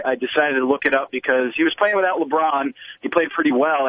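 A man's voice: medium pitch, bright, forceful tone, no room sound. A man appearing as a guest analyst on sports radio, explaining statistics with small stumbles. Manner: explanatory, number-focused, slight stumbles. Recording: dull, band-limited phone-in audio.

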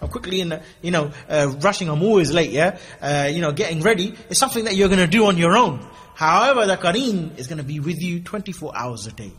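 Casting: male preacher, husky, conversational with humor. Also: fairly high pitch, expressive, fast talker, fairly bright tone. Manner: humorous, conversational, acts out asides. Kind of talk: casual Islamic lecture.

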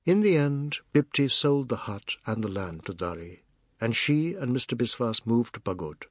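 A man reading a novel aloud in measured, even storytelling narration. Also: mid-range voice, no room sound, studio quality. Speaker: audiobook narrator. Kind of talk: scripted literary narration.

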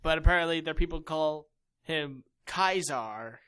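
Bright-voiced young man with dry quips. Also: a little high, unhurried, smooth. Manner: dry quips and short interjections. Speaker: co-host. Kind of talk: casual comedic chat.

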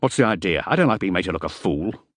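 A man's voice: sits low, animated, fast talker, no echo. Man doing a brusque, irritable French ex-soldier. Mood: angry. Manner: curt, irritable, domineering.

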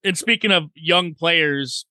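A man co-hosting a sports podcast, talking in an excitable, casual way, swearing freely and repeating his points. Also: on the high side, slow pace, no echo. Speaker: podcast co-host.

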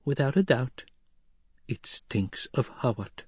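A man voicing a shrewd, calculating count in an audiobook, dry and deliberate with small hesitations. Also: medium pitch, sing-song, slightly rough, dry recording, pitched above the performer's own voice, exaggerated voice. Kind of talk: audiobook character voice.

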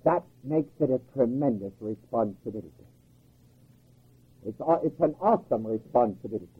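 With a husky, medium-pitched voice and a moderate, animated delivery, a man gives an emphatic, folksy sermon, peppering it with rhetorical questions and laughing at his own humor. The old recording has a thin, phone-like quality.

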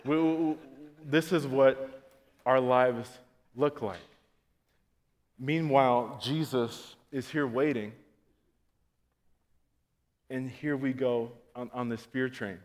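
A man preaching a sermon to his congregation, telling comic stories and acting out scenes, swinging from loud to quiet. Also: medium pitch, steady tone, takes it slowly, long pauses, big-room sound. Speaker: pastor. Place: church auditorium, on stage.

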